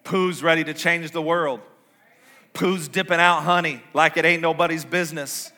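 Male pastor preaching a sermon in a large church; bright tone, slightly high voice, chatty delivery with loud, high outbursts. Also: fairly even intonation, normal speed. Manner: conversational preaching, swinging from low and quiet to loud and high.

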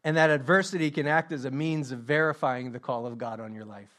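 A man's voice: mid-range voice, brisk, fairly bright tone. A man preaching a sermon as pastor, emphatic, repeating his questions and joking about himself. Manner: self-deprecating humor.

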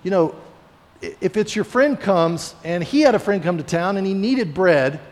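A man preaching a sermon in a relaxed, conversational way, acting out little quotes as he tells stories. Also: sits high, normal speed, big-room sound. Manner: conversational, animated storytelling with acted-out quotes. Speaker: pastor.

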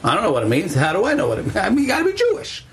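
A man's voice: a little high, very animated, racing. A man voicing an earnest young doctor who speaks bluntly and repeats himself. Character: earnest young male doctor, set on his plan.

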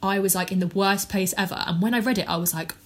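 A young woman, talking as a podcast guest. She speaks candidly and at a quick, animated clip, with plenty of "like" and quick tangents. Her pitch sits in a middling range for a woman. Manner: animated, fast-talking, heavy use of "like". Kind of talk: candid conversational storytelling.

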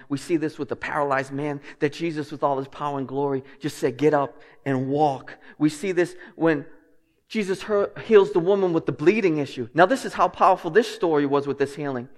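Male pastor with a high voice, preaching in a big echoing hall; drops to hushed tones, then builds to forceful emphasis. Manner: swings between hushed, low scripture reading and loud, emphatic preaching. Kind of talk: sermon.

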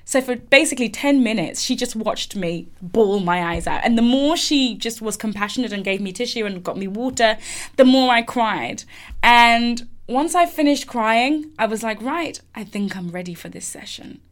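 A woman's voice: on the high side, normal speed. Candid woman telling a story. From England. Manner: candid, reflective, with frequent fillers and restarts. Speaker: speaker sharing a personal story. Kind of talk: personal storytelling talk.

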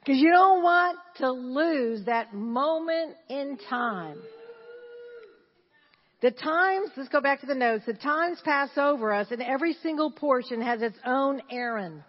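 A woman in her sixties preaching a sermon as pastor, animated and laughing, repeating phrases and chanting. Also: sits high, unhurried. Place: church. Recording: dull sound in a reverberant church hall.

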